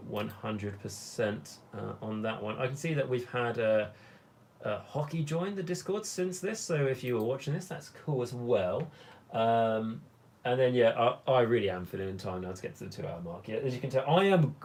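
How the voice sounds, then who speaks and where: A young man hosting a long hobby livestream, his voice hoarse and worn from talking for hours. He rambles along in a casual, unhurried way and reads viewers' comments out loud. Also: medium pitch.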